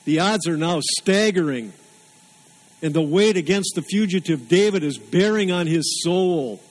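A man's voice: high voice, poor audio. A man preaching a sermon, earnest and emphatic, repeating phrases for weight. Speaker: pastor.

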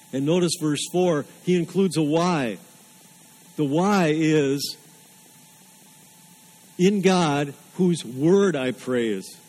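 A man's voice: a little high, a little mellow, poor audio. A man preaching a sermon, earnest and emphatic, repeating phrases for weight. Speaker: pastor.

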